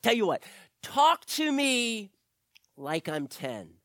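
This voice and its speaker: A man doing a high excitable young man. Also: dry recording, studio quality, heavily acted. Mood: excited. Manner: raised, quick interruptions.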